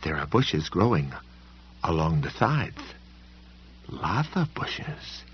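A tall, menacing man with a light lisp coaxes in a soft, slow voice, as a male narrator puts him on. The tone is low and husky. The recording is slightly muffled. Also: big pitch swings, full character voice. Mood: sinister coaxing. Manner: quiet, coaxing, slow menace.

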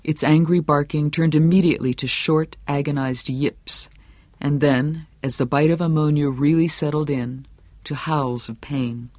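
A man narrating an audiobook in a steady, measured storytelling manner. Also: on the high side, no echo, studio quality. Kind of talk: scripted narration.

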